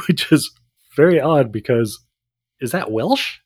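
A man's voice: medium pitch, expressive, slow, husky, no echo, studio quality. A man co-hosting a podcast, retelling an episode in casual chat with mock quotes and frequent laughter. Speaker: podcast co-host.

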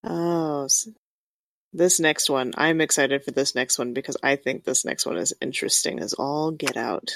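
A woman's voice: a bass voice, normal speed, vocal fry, a bit bright, dry recording. A woman co-hosting a podcast, adding short, eager comments in casual chat. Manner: enthusiastic, brief comments. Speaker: podcast co-host.

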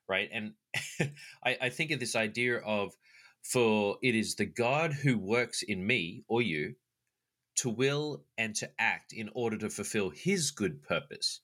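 A man co-hosting a podcast, reflecting on faith and telling everyday stories in a lively way. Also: lowish voice, normal speed. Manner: reflective, animated storytelling. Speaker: podcast co-host. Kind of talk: casual faith discussion.

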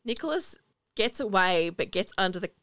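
A woman, casually recapping a film as a podcast co-host and acting out quoted lines with animated storytelling. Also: mid-range voice, normal speed, no room sound.

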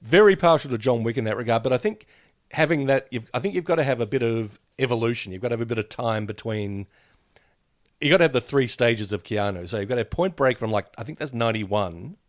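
A man co-hosting a podcast in casual chat, animated and jokey, acting out quotes as he talks. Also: medium pitch, fast, no room sound, studio quality. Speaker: podcast co-host.

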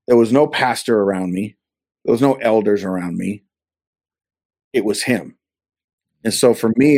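A man from California with a somewhat low voice gives a personal testimony in a casual interview. He tells it earnestly and acts out the back-and-forth of the conversations he recalls, heard over a video call. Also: darkish tone, no echo, clean studio sound. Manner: earnest storytelling that acts out quoted dialogue. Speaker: interview guest.

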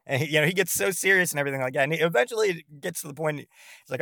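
A man's voice: on the high side, very fast, creaky, no room sound, clean studio sound. Rambling, foul-mouthed podcast guy. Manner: profane, rambling, animated retelling. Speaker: podcast host. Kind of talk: rambling casual monologue.

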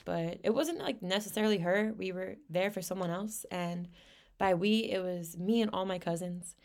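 A woman's voice: fairly low pitch, darkish tone. A young woman hosting her own podcast, talking candidly in a casual monologue full of slang and swearing. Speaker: podcast host.

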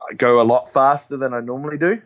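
A man with a New Zealand accent, hosting a podcast in casual chat, quick and joking with dry humor. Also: mid-range voice, fairly bright tone. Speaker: podcast host. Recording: slightly dull lo-fi sound.

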